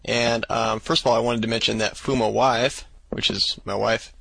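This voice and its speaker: A young man co-hosting a casual gaming podcast, relaxed and quick to chuckle. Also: mid-range voice, gravelly, poor audio. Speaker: podcast co-host.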